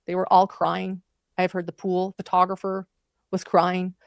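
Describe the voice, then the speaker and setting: A woman's voice: lowish voice, completely flat delivery, a little slow, vocal fry, dry recording, studio quality. A woman commentating on a trial, recounting events in vivid, emotional detail. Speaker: true crime commentator.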